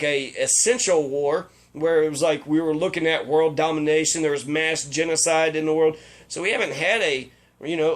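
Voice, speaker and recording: A man delivering a rambling, profane, indignant monologue as a video commentator. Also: a little high. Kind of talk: casual ranting monologue.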